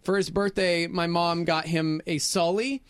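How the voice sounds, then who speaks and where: A man hosting a radio show, chatting casually and telling stories with animated acted-out voices. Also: fairly high pitch, unhurried, clean tone, no echo. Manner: animated storyteller, acts out voices. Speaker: radio host.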